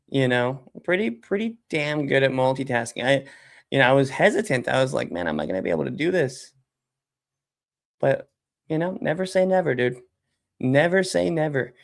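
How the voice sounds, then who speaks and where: A man's voice: mid-range voice, vocal fry. A man hosting a casual livestream, chatting while he works at his computer, rambling with lots of fillers and casual swearing. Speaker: software company founder and livestream host. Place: at a computer desk, typing during a livestream.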